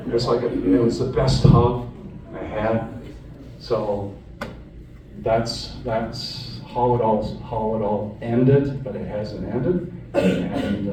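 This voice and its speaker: A Canadian man with a mid-range voice earnestly tells a live audience about his captivity, restarting often in a conversational way, as part of a personal storytelling talk. The audience phone recording is distant and echoey in a hall, with background noise.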